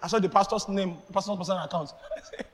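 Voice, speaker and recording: A man preaching a sermon as pastor, animated, acting out exchanges and laughing as he speaks. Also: high voice, quick pace, in a large hall, very noisy.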